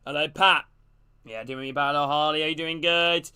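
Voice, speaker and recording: Guy doing a football watch-along stream, high bright clear voice, chatty and gets loud on attacks. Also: fairly quick. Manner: casual, greets chat between plays, gets loud and excited on attacks. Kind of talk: live football watch-along commentary and chat shout-outs.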